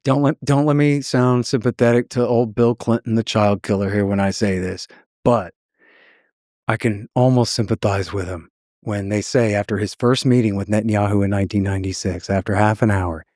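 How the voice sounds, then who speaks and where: A man's voice: lowish voice, fairly even intonation, moderate pace, darkish tone, dry recording, clean studio sound. A man as a podcast guest, talking in a heated, mocking storytelling manner and acting out the voices of people he quotes.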